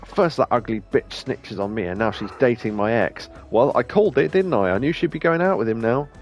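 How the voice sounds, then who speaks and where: A man's voice: medium pitch, lively intonation, fairly quick, soft background music, lightly acted. A man reading out a rude, ranting hostess. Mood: indignant. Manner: petty, ranting and crude. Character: rude, bitter young female hostess.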